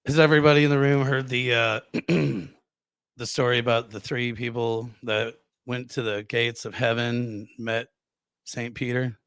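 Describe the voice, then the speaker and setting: A man's voice: mid-range voice, flat delivery, normal speed, a bit bright, clean tone, dry recording. A man hosting a podcast, telling jokes in casual chat with heavy swearing and a hyped-up delivery. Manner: profane, hyped-up storytelling. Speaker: podcast host.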